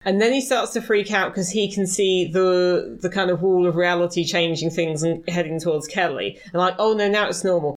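Low-ish woman chatting about a book, thinks out loud, restarts a lot. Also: fairly even intonation. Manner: quick, thinks aloud with restarts, acts out quotes. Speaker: podcast co-host. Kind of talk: casual book discussion.

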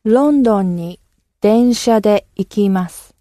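A woman whose first language is Japanese repeats model phrases for learners, keeping her delivery level and even. Her voice is mellow and recorded dry and close. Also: medium pitch, normal speed, no echo. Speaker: native speaker model.

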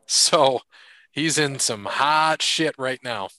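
A man's voice: mid-range voice, slow, sharp tone, dry recording. A man co-hosting a podcast in loose, jokey casual chat, running through sponsor thanks and sports gossip. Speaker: podcast co-host.

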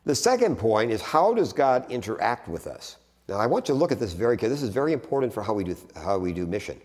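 A man giving a conversational theology lecture, restarting phrases and stressing points with sudden animated rises. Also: mid-range voice. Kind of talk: teaching talk on theology. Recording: long hall reverb.

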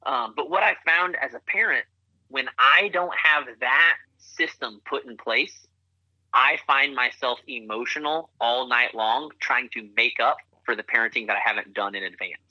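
Bright-toned man on a muffled line. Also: mid-range voice, normal speed, no echo. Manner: earnest, coaching tone with repeated phrases. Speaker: author and guest. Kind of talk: podcast interview.

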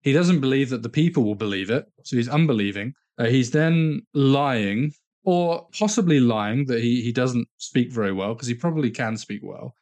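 Bible podcast guy, emphatic, trips over his words, middle pitch. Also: moderate pace. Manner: lively and emphatic, stumbles and repeats words. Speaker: podcast co-host. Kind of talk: casual Bible discussion.

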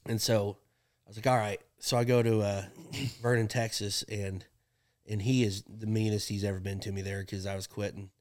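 A man's voice: on the low side, moderate pace. Give me a young man casually telling rodeo stories with lots of energy. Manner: animated, acts out quoted voices, laughs often. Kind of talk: casual storytelling chat.

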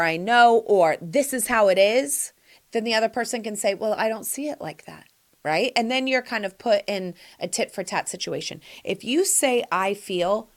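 A woman's voice: medium pitch, fairly bright tone. A woman in her forties hosting a podcast, giving sassy, emphatic advice straight to her listeners in casual chat. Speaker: podcast host answering listener questions.

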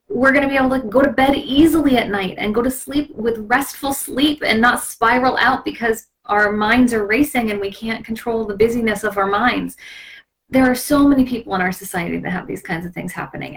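A woman's voice: medium pitch, gravelly. A woman with a mid-range voice hosting a casual live video stream. She talks in a gushing, impassioned way and sometimes slides into a preachy tone. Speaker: host of a live product video.

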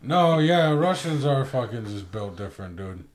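A man's voice: mid-range voice, very animated, normal speed. A man co-hosting a comedy podcast, talking in casual, profane, joking banter. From Akwesasne. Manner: profane, joking, puts on silly accents. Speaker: podcast co-host.

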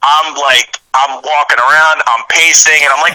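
A man chatting during a wrestling watch-along, emotional and excitable, sometimes shouting and crying out, his voice shaking. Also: on the high side, moderate pace, low-quality recording. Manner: emotional, shouts and cries out while reliving the match. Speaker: guest.

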